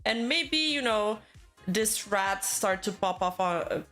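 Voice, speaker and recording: A woman's voice: medium pitch, expressive, slow, fairly bright tone, soft background music. A woman giving casual, rambling commentary on internet news, full of fillers and self-corrections.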